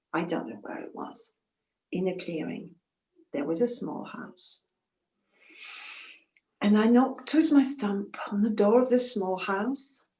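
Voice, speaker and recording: A woman's voice: fairly high pitch, roomy sound. A woman storyteller telling a folktale in the first person, intimate and emotional, with asides to her listeners.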